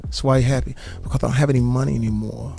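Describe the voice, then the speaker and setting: A man impersonating a content, broke retired male boxer in a low, gravelly voice on a talk show. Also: steady tone, very fast, mellow, faint music behind, close to an everyday voice. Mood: serene. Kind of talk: celebrity impression on a talk show.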